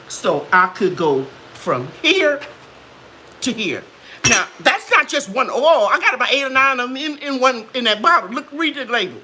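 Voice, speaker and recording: A woman hosting a casual live chat, telling stories in a lively, preachy way and acting out quotes. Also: a little high, a little hiss or hum.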